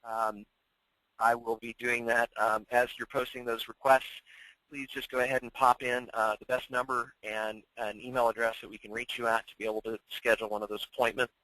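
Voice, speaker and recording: Hoarse man signing off a webinar. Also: medium pitch, level tone, fairly quick, sharp tone, dry recording, rough recording. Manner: filler-heavy, repetitive announcements. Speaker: webinar presenter and coach. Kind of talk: webinar sign-off.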